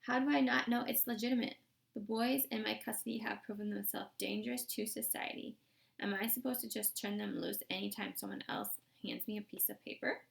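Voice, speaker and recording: A woman's voice: medium pitch, fairly even intonation, fairly quick, gravelly. A woman voicing a lying, defensive female camp warden who makes excuses.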